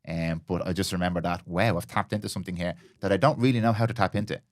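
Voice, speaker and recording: A man with a very deep voice hosts a podcast conversation. He talks quickly and reflectively, sharing personal stories with frequent restarts. The recording is dry and close. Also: no echo. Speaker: podcast host. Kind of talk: casual interview chat.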